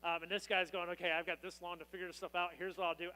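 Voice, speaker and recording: High, bright-voiced male pastor preaching. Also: flat delivery. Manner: conversational, storytelling with quick voiced asides. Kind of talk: sermon. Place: church sanctuary. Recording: church hall with long reverb.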